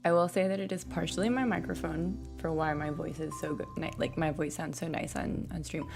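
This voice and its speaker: A young woman with a somewhat low voice chats casually through a cozy game stream, rambling and restarting her sentences. She speaks into a desk mic on a boom arm while game music plays clearly behind her. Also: fairly even intonation, brisk. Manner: rambling, chatty, many fillers and restarts. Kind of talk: casual gaming stream chat.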